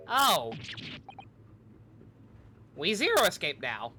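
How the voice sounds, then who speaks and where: Expressive man reacting to a game. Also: high-pitched, takes it slowly, long pauses, noisy background. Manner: expressive, swearing, reacts loudly. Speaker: streamer playing a game. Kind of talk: let's play commentary.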